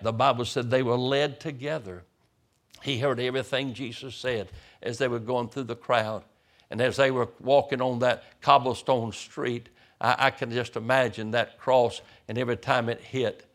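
A man's voice: mid-range voice, a bit bright. A man, a pastor, preaching a sermon as vivid storytelling, often stammering over the first words of a sentence.

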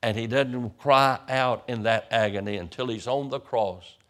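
A man's voice: medium pitch, normal speed, a bit bright. A man, a pastor, preaching a sermon as vivid storytelling, often stammering over the first words of a sentence.

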